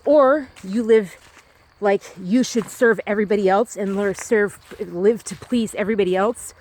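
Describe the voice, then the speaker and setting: A woman's voice: mid-range voice, moderate pace, a little mellow. Woman vlogger, talking to a phone outdoors, earnest and digressive, mid-range voice. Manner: rambling and earnest, with frequent restarts. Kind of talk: candid personal monologue. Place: outdoors on a walk.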